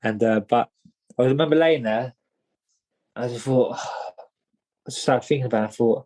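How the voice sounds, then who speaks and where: A young man telling his story as a podcast guest, mid-pitched and plain, tripping over his words and restarting often. He talks in a loose, rambling way, tossing in "mate" and "do you know what I mean" as he goes. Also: steady tone, fast, warm tone, poor audio. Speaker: guest, boxer. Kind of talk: casual storytelling.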